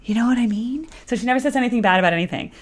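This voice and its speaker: A woman's voice: on the high side, racing, slight background noise. A woman hosting a music reaction video, chatting casually and rambling with many fillers and playful asides. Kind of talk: casual chat.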